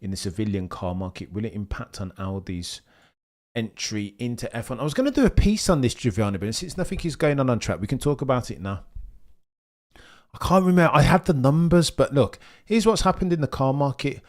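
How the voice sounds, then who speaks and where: A man's voice: mid-range voice, lively intonation, brisk, darkish tone. A man hosting a casual livestream, reading viewer comments and chatting about the topic in a rambling way.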